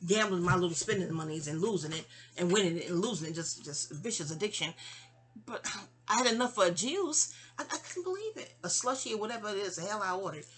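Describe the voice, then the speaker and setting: Bright-voiced woman telling a rambling story. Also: mid-range voice. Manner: digressive, stammering restarts, asides to listeners. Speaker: memoir storyteller.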